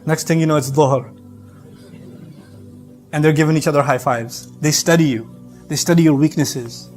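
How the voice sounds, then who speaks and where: Guy preaching, high voice, super animated and emphatic, soft music underneath. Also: normal speed. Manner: animated, emphatic, acts out dialogue. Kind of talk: sermon. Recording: faint background music.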